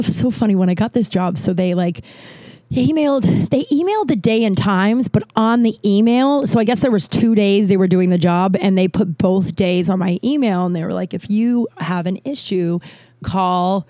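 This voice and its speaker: A woman's voice: mid-range voice, moderate pace, dry recording. Rambling, foul-mouthed woman telling stories. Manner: rambling, profane, animated with voiced quotes. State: out of breath. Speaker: comedian and podcast host. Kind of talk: casual storytelling monologue.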